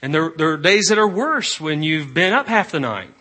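A male pastor preaching a sermon, swinging from loud emphatic rises to quiet, low asides. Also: big pitch swings, normal speed.

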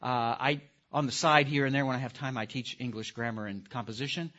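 A man's voice: mid-range voice, fairly even intonation, a little fast, fairly bright tone. A man lectures to a live class, stressing key words and tossing questions at his listeners. His voice sits in a middling register. The recording is muffled and lo-fi. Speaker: teacher. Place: room with a live audience. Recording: dull lo-fi recording.

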